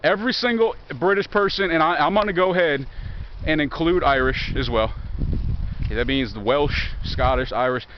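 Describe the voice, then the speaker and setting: A man's voice: a little high, moderate pace, lo-fi sound, slight background noise. Joking Southern-accented man on a walk. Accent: Southern American, Virginia. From Virginia. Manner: profane, joking and sarcastic. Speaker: vlogger. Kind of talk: rambling walk-and-talk monologue. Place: outdoors in woods near a highway.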